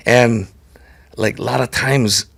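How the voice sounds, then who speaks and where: A man, a podcast guest telling stories in a relaxed, chatty way, laughing often and peppering his speech with "like" and "right?". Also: mid-range voice, slow pace, gravelly, husky. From Hawaii. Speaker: podcast guest, multi-sport champion. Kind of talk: casual storytelling interview.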